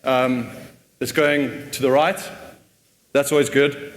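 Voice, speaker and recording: A man's voice: medium pitch, fairly even intonation, slow. A man giving a casual conference talk, often repeating words as he thinks. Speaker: conference speaker. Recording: long hall reverb.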